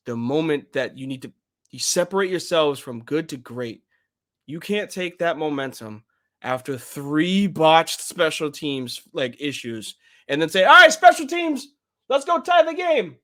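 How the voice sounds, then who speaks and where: A young man co-hosting a casual sports podcast from home, animated and rambling, jumping into excited outbursts. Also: fairly high pitch, a little slow. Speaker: podcast co-host. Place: home room.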